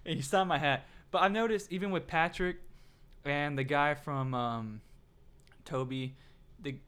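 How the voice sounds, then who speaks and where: A man's voice: on the high side, a little slow, fairly bright tone, clear, resonant tone. A man in casual podcast chat who tells rambling stories full of restarts and fillers and pokes fun at himself. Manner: self-aware and self-mocking. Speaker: podcast co-host.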